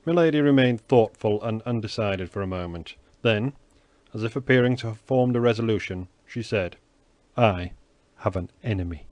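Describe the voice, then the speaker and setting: A man narrating a classic novel as an audiobook in a measured, even way. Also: fairly low pitch, no echo. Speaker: audiobook reader. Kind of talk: scripted narration.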